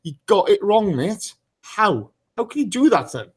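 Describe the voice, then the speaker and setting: A man's voice: high-pitched, sing-song, measured pace, slightly rough. A man hosting a live podcast in a casual, chatty way, teasing his guests and greeting listeners by name. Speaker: podcast host.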